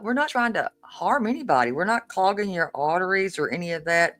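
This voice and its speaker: A Tennessee woman with a Southern American accent reacts to a video on a live stream, letting out incredulous exclamations and swearing often. Her voice is on the low side, lively, a little fast and a bit bright, with faint music behind her.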